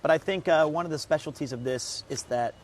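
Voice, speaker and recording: A man with a slightly high voice hosts a casual travel stream. He talks upbeat and chatty to his viewers. He sounds lively and friendly throughout. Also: fairly quick. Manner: chatty, upbeat, reads aloud to chat. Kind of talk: casual travel vlog chat.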